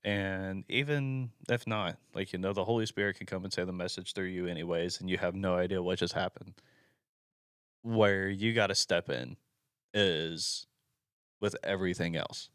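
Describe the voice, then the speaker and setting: Young male co-host, low smooth voice, earnest and rambling. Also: steady tone, moderate pace, a bit bright, no echo, clean studio sound. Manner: earnest, rambling, heavy on fillers. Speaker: youth ministry volunteer, podcast co-host. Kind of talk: casual chat.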